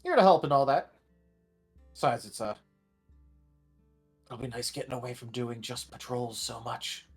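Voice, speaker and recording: A man's voice: medium pitch, wildly swooping pitch, normal speed, long pauses, faint music behind. A man doing a laid-back male Nidoran. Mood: casual. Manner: casual, conspiratorial. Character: easygoing male Nidoran guard.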